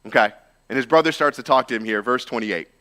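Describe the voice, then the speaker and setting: Bright-voiced man preaching casually. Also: mid-range voice, fast. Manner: informal, storytelling, many "like" and "right?" asides. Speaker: pastor. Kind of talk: casual conversational sermon.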